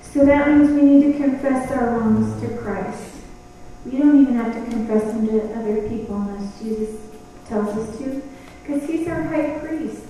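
A woman's voice: fairly high pitch, normal speed, mellow, slight background noise. A woman preaching a sermon to women in an earnest, conversational way, often acting out little dialogues. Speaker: women's ministry speaker. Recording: echoey hall, voice from far off.

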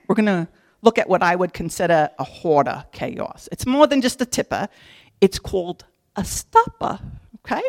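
A woman giving a casual devotional Bible teaching in a folksy, humorous way, talking straight to her listeners. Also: on the low side.

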